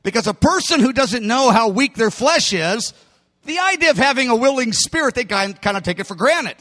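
A male pastor delivers a sermon with high pitch and wide, animated swings. His storytelling is dramatic and builds to shouts. His voice rings with the long reverb of a big hall. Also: fairly quick.

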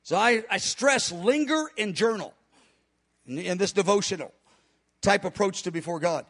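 A man preaching and teaching on prayer, a fast, hard talker who speaks emphatically and breaks into quick laughs. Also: high-pitched, a bit bright. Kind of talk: sermon-style teaching.

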